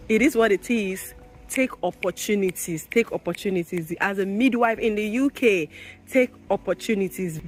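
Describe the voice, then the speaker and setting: Emphatic woman vlogging. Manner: emphatic, repeats phrases, rises in pitch when indignant. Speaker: midwife vlogger. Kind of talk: candid talking-to-camera vlog.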